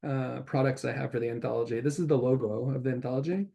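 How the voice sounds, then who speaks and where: A man hosting a video-call interview, halting and filling his sentences with repeated words. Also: medium pitch, steady tone, vocal fry, mellow. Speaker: interviewer and anthology editor. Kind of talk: casual interview chat.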